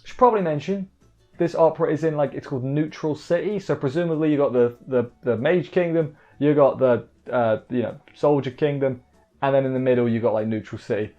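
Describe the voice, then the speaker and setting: A man's voice: mid-range voice, fairly quick, warm tone. A man recapping an anime episode in a casual, rambling way, wry and full of fillers and restarts. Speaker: anime reviewer. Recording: dull lo-fi mic with faint music.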